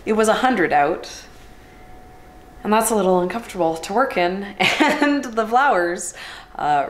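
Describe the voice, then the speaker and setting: A woman's voice: lowish voice, roomy sound. A woman flower farmer narrating her vlog casually, wry and self-mocking, laughing often. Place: flower farm, outdoors and in a work shed.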